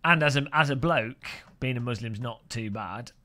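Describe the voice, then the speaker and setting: A man's voice: mid-range voice, moderate pace, bright, forceful tone. A man streaming sim racing, chatting and joking with viewers and often laughing. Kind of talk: casual live-stream commentary while sim racing.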